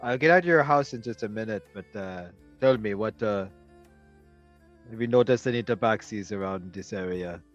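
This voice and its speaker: A man's voice: on the low side, moderate pace, muffled recording, soft background music, voice pushed down, close to an everyday voice. A man voicing a wary male fox adventurer who asks blunt questions.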